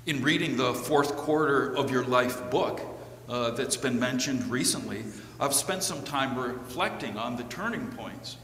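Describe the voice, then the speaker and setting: A man delivers a sermon at an unhurried pace in a measured way, pausing now and then on small fillers. His voice sits at a middle pitch. The recording carries the long, echoing reverb of a church sanctuary with a faint hum underneath. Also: fairly bright tone. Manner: slow, measured preaching with occasional fillers. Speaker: preacher.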